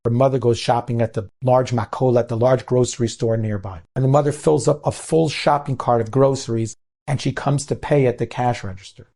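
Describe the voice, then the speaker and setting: Brief: gravelly, mellow-voiced rabbi telling an earnest moral story. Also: male voice, mid-range voice. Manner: earnest, mixes in Hebrew words. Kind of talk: storytelling sermon.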